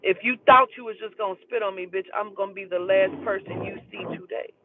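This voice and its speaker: A woman telling a heated, profane story in an emphatic, animated way. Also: medium pitch, brisk, a little hiss or hum. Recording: tinny phone-like sound.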